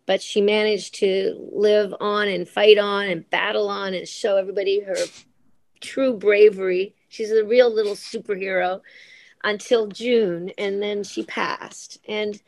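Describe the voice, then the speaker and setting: A middle-aged woman tells her story in an earnest, heartfelt way, starting over mid-sentence and filling pauses as she goes. Her voice sits at an ordinary pitch for a woman. The sound is dry, with no room echo. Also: steady tone, gravelly. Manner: earnest and heartfelt, with frequent restarts and hesitant fillers. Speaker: guest, former member of parliament. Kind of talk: emotional personal storytelling in conversation.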